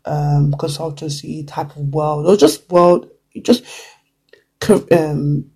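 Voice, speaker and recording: With a dark, mellow tone and a husky, gravelly grain, a relaxed vlogger talks straight into the camera at medium pitch. The career advice comes full of "like" and "you know," broken up by quick acted-out quotes.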